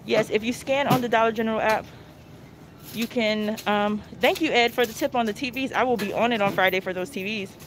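A woman's voice: on the high side, fairly quick. A woman hosting a chatty live shopping vlog on her phone, talking to viewers as she walks through a store. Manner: chatty, addresses viewers as y'all. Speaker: couponing vlogger. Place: inside a discount store. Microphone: phone held while walking. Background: faint store noise.

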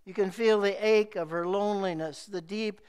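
A middle-aged male pastor delivering a sermon in a slow, measured preaching manner with emphatic repeated phrases. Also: sits high, fairly even intonation, darkish tone, clear, resonant tone.

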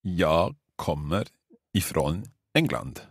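A Scottish man with a deep, slightly husky voice hosts a language lesson podcast. He repeats phrases slowly and carefully, with lots of rise and fall in his pitch. The sound is dry and close, with no room around it. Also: big pitch swings, dry recording. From Scotland. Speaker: podcast host and language learner.

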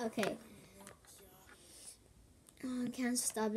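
A woman's voice: on the high side, fairly even intonation, takes it slowly, long pauses, pushed and bright, slight background noise. A woman giving casual gameplay commentary, hesitant and giggly, with lots of ums. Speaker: gamer.

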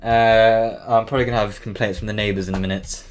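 A man's voice: on the low side, fairly even intonation, fast. A teenage boy from Cornwall giving casual, flustered gameplay commentary, swearing often and yelping when scared. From Cornwall, England. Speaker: gaming channel host.

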